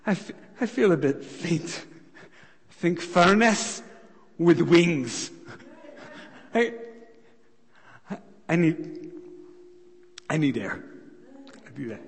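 A man's voice: high voice, sing-song, moderate pace, full character voice. A man voicing a small, timid male hobbit who stammers and sounds breathless with fright, in a reverberant hall. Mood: frightened. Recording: long reverb of a large hall.

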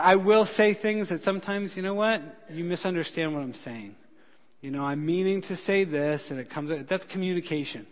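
A male pastor preaching a sermon, telling stories with feeling, rising loud for emphasis and dropping soft when he pleads. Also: on the high side. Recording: long hall reverb.

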